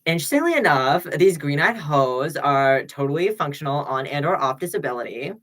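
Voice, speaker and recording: A man hosts a casual livestream, ranting into his laptop's built-in mic in a sassy, rambling way. He swings between loud remarks and low mutters, speaking fairly quickly with lively intonation.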